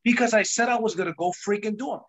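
This man's voice sits high and moves quickly. He's leading a sales team call with a motivational talk, recounting his own story in a forceful, pushy, repetitive manner.

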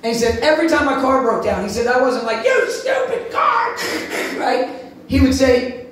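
A man preaching with a strikingly high voice, telling animated stories and breaking into sudden shouts. He is caught from a distance in a very echoey room. A faint hiss sits under the recording. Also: a little fast. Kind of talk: sermon wrap-up.

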